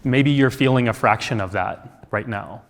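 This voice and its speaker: This American conference speaker shares a personal story from the stage, sounding earnest and reflective and leaning on plenty of rhetorical questions. His pitch is medium and his pace moderate, with long reverb from the large hall around him.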